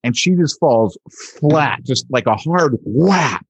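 A man co-hosting a podcast in a relaxed, chatty way, telling family stories at an easy clip. His voice sits at a middle pitch, and the recording is dry and close with little room sound. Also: slow, husky, no echo, muffled recording. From Southern California. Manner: relaxed storytelling. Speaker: podcast co-host. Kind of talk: casual chat.

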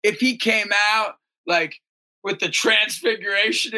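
A gravelly man with a bright, edgy tone tells his stories with great excitement. He swings between low, earnest talk and loud, high-pitched outbursts when he acts out the people in them. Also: unhurried. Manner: excitable, breaks into shouting and high acted voices in stories. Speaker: ministry leader and basketball coach. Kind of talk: animated storytelling interview.

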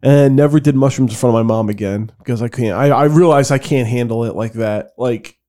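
A man's voice: medium pitch, a little fast, dark tone. A young man co-hosting a podcast, telling a profane, laugh-filled story in casual chat. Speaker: podcast co-host.

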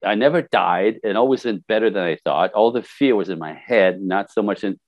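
A man's voice: on the low side, a little fast, no echo, lo-fi sound. An older man, a life coach, talking casually in an interview and acting out what people say to him. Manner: animated storyteller, acts out quotes. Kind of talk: conversational interview.

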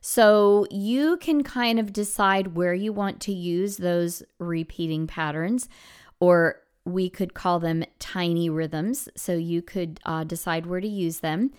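Smooth-voiced woman music teacher. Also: slow. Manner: lively, demonstrates with sudden high and low voice swoops; encouraging, explains step by step. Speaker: elementary music teacher and podcast host. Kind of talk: instructional podcast talk.

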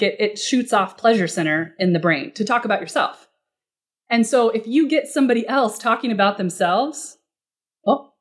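A woman speaking as a guest expert in a podcast interview, casual and animated, often acting out short quoted exchanges. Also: fairly high pitch. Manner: animated, acts out client dialogue in quoted voices; casual, uses fillers like "like" and "you know".

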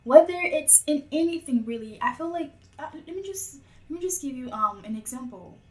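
A woman's voice: sits high, lively intonation, fairly quick, a little mellow. A woman in casual conversation, telling a personal story with lots of filler words. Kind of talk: casual chat. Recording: echoey room with faint music.

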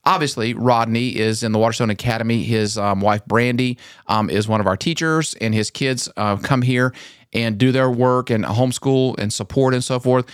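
Мужчина-ведущий подкаста, оживлённо рассказывает. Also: male voice, moderate pace, no echo, studio quality. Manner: animated storyteller, acts out quotes with pitch jumps. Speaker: podcast host. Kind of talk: casual podcast conversation.

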